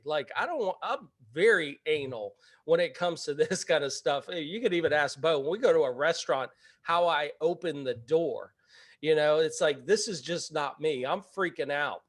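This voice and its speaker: Animated, higher-voiced man telling a story. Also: normal speed. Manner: animated, laughs while telling. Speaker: real estate investor and webinar host. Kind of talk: casual storytelling.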